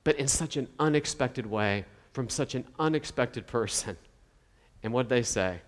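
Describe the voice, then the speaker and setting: A man's voice: mid-range voice, a little slow. Conversational male preacher in a hall. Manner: conversational, acts out quoted voices. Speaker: pastor. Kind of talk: sermon.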